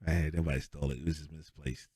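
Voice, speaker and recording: A rumbling low, slightly rough male voice talks fast over clean, dry studio sound. He's a podcast co-host in easygoing sports chat, telling stories with plenty of laughter and acting out what people said.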